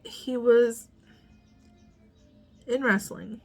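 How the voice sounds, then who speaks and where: A woman in her thirties telling a personal story as a mother, speaking softly with many pauses and restarts, at times near a whisper. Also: a little high, steady tone, soft background music. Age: 30s. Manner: halting, soft-spoken, pauses and restarts, often near a whisper.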